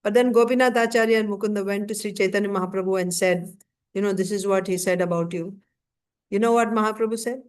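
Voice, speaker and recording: A woman teaching a scripture class, retelling a story in a conversational way with frequent fillers and lively quoted asides. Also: medium pitch, fast talker.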